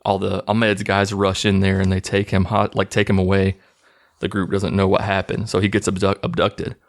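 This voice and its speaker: A man's voice: deep voice, completely flat delivery, normal speed. A man casually recapping a movie plot in a mocking, incredulous tone.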